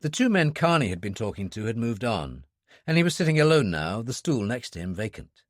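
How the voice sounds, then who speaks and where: A man narrating a thriller audiobook in a steady, expressive storytelling voice. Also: medium pitch, a little fast, no room sound, clean studio sound. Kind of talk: scripted narration.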